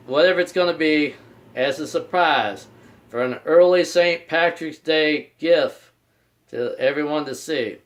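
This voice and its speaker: Man with a somewhat high voice, rambling and repetitive, talking about himself in the third person as a channel host. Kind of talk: casual vlog announcement.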